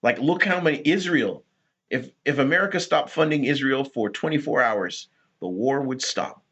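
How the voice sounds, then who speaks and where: A man hosting rambling political commentary, talking in a rhetorical, animated way. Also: mid-range voice, normal speed, husky, highs cut off. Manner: animated, rhetorical, laughs at his own points.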